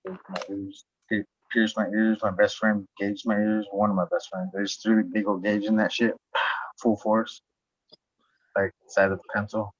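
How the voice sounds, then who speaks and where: Laughing and cursing frequently, a man on a podcast tells a meandering story in a relaxed chat. He has a husky, lowish voice with a level tone and a measured pace. There's no room sound, but the audio is dull and lo-fi.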